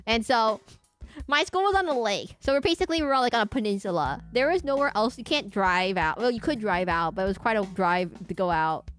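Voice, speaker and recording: A woman's voice: mid-range voice, expressive, brisk, faint music behind. Giggly young woman streaming a game. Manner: giggly, chatty, jokey. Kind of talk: casual gaming commentary.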